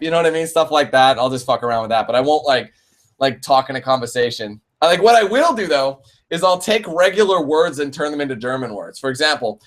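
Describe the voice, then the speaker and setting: A man's voice: on the high side, fast. A young man hosting a casual live Q&A for his gaming channel, rambling, laughing and swearing freely. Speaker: let's play channel host.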